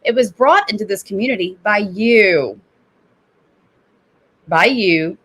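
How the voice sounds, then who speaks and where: A woman's voice: mid-range voice, lively intonation, takes it slowly, a bit bright, breathy edge. A woman in her thirties hosts reaction commentary on a clip she is playing. She talks in a confrontational, sarcastic way, swears freely and laughs between her jabs. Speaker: drama commentary host. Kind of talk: reaction commentary on a played stream.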